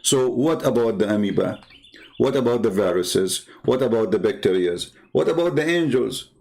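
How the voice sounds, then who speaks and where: A man's voice: medium pitch, lively intonation, moderate pace, gravelly, a little mellow. A man hosting an online show, commenting on a clip with a mocking, sarcastic manner and broken English.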